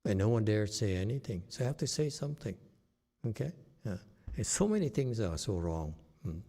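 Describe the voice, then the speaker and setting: A man whose first language is Chinese, giving a slow, plain-spoken dharma talk as a meditation teacher, often checking in with "okay?". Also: fairly low pitch, big pitch swings, mellow. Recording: long hall reverb.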